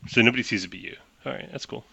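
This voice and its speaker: A man narrating as game master of a tabletop game, talking in animated quick bursts with restarts. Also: mid-range voice, gravelly, breathy edge, highs cut off.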